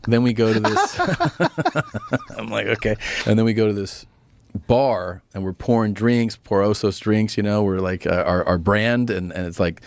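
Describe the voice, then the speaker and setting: A man's voice: on the low side, sing-song, measured pace, creaky. A man on a podcast telling rambling anecdotes in casual chat and acting out the quotes. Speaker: podcast guest.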